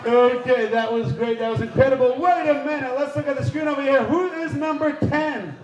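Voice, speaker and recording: A man hosting a live quiz game at a party, energetic and playful, shouting out countdowns to the crowd. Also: very high voice, brisk, muffled recording, slight background noise. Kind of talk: lively live event hosting. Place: large indoor party hall. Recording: echoey hall with music and crowd.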